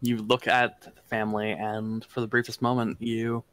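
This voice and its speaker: A man narrating a tabletop game as game master, in a slow, reflective, deliberate way. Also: lowish voice, level tone, a bit bright, smooth.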